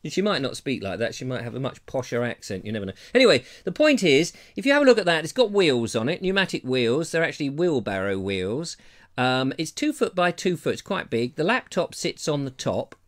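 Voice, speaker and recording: An English man hosting a live comedy talk show from home, chatty and jokey, often addressing viewers as ladies and gentlemen. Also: medium pitch, very animated, a little fast. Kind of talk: casual live-stream chat. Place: terraced house.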